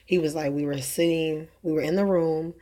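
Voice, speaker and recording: A woman's voice: low-pitched, steady tone, moderate pace, warm tone. A young woman talking casually about faith and her children's dreams, rambling with many fillers and restarts and laughing at her own jokes. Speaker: religious vlogger. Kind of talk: casual preaching monologue.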